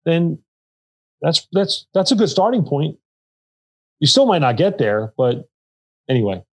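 A man's voice: a little high, sing-song, a little slow, husky, low-quality recording. Earnest man telling a candid story. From Pennsylvania. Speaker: nonprofit co-founder and CEO. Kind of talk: podcast interview.

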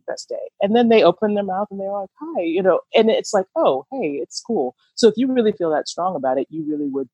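Reflective woman with a gravelly voice. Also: low voice, a little mellow, no echo. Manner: laughs often, thoughtful and reflective. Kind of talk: casual chat. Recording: dull lo-fi dry sound.

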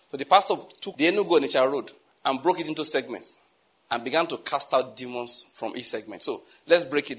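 A man with a Nigerian accent preaching a storytelling sermon, animated, with pidgin phrases mixed in. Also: mid-range voice, husky. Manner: animated, laughing asides, mixes in pidgin.

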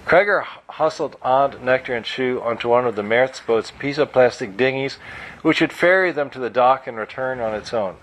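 A man reading his own novel aloud at a bookstore event, steady and plain. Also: medium pitch, moderate pace, a little hiss or hum, low-quality recording. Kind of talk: live book reading.

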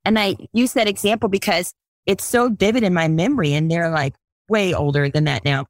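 A middle-aged woman, a life coach, talking as a guest in a podcast interview, at times slow and soothing as she guides breathing, at times earnest and lively as she explains. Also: on the low side, no room sound, clean studio sound. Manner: earnest, animated storytelling.

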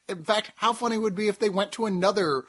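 A man co-hosting a casual movie review chat, talking animatedly and jumping into jokey asides. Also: quick pace. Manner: animated, jumps into high-pitched jokey asides. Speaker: podcast co-host.

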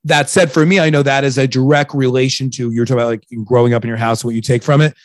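A man's voice: medium pitch, fairly even intonation, fast, dry recording, clean studio sound. A man in his thirties hosting a casual chat, joking and rambling, often stumbling over his words. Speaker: podcast host.

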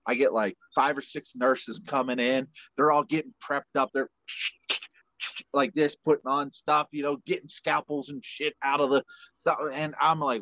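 A retired male fighter, a podcast guest, telling a story in a rambling, animated way with lots of fillers. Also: mid-range voice, dry recording. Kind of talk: casual storytelling. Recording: muffled dry podcast audio.

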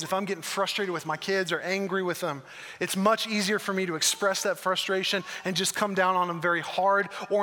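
Guy preaching, earnest and emphatic, highish voice, church hall echo. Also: sharp tone. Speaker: pastor. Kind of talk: sermon. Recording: long reverb of a large hall.

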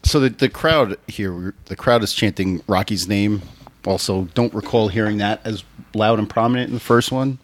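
A man hosting a casual podcast chat about a film, explaining points with halting fillers. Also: fairly low pitch, no echo. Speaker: podcast host.

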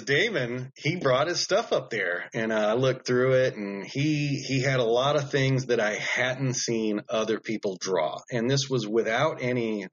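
A man who makes knives, telling stories as a podcast guest in a blunt, animated way with lots of fillers. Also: medium pitch, breathy edge, lo-fi sound. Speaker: knife maker guest. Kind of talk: casual podcast storytelling.

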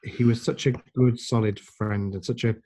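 Older man telling warm stories. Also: medium pitch, moderate pace. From England. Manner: animated anecdotes, acts out quoted voices. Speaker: guest. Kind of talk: conversational interview storytelling.

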